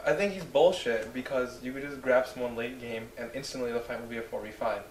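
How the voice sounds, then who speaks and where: A man's voice: medium pitch, fairly quick. A young man co-hosting a gaming podcast, blunt and swearing as he complains about a game character. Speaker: podcast co-host. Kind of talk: casual gaming podcast chat. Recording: echoey room, distant mic, faint noise.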